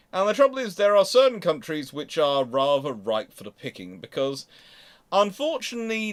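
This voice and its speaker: Male streamer, wry history host, animated pitch, chatty casual delivery. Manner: chatty, wry asides, reads chat aloud. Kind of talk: casual livestream history talk.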